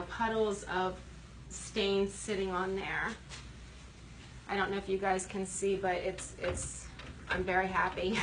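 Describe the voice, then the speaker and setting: A woman's voice: mid-range voice, a bit bright, a little hiss or hum, rough recording. A woman chatting casually as she shows furniture refinishing step by step, explaining while she works in a workshop. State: out of breath from buffing. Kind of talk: casual how-to demonstration.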